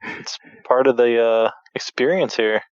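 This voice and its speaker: A laid-back man with a smooth, resonant mid-range voice recaps a cartoon episode as a podcast guest. His mic sounds slightly dull and lo-fi, and the sound is dry, with no room around it. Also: medium pitch, a little slow, no room sound. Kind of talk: casual episode recap chat.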